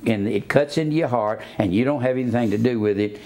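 A man's voice: mid-range voice, fast talker, darkish tone. An older man preaching a sermon, blunt and scornful, stopping to teach grammar like a schoolteacher. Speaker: pastor.

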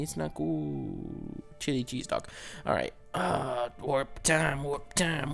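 A man's voice: fairly high pitch, fairly even intonation, slow pace, gravelly, a bit bright. A man hosting a casual gameplay commentary, rambling and self-mocking as he fumbles along and mutters sound effects to himself. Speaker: gaming channel host. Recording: music playing under the voice.

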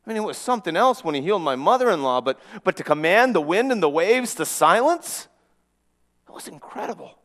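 Man, fairly high voice, earnest first-person storyteller, long church reverb. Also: very animated, a little fast. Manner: earnest, with frequent restarts and dramatic hushes. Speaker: preacher in a first-person monologue.

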